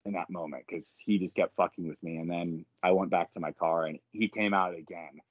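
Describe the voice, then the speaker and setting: A man on a podcast, telling a story casually and profanely, with lively acted quotes. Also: low voice, a little fast, no room sound, narrow, tinny audio. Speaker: podcast guest.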